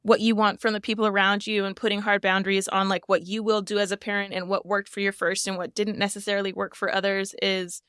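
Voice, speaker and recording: A woman's voice: mid-range voice, little pitch movement, fast talker, hardly any pauses, smooth, no room sound, studio quality. A woman in her thirties hosting a podcast, chatty and laughing often as she talks. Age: 30s. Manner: chatty, warm-hearted, laughs often, many "like" fillers. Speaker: podcast host. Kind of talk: casual conversation.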